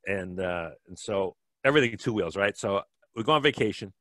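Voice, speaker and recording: Middle-aged man, from Wisconsin, casual rambling storytelling, fillers and restarts, lowish pitch, dry recording. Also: lively intonation, a little fast, a bit bright, no room sound. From Wisconsin, USA. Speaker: podcast guest, bike fitter.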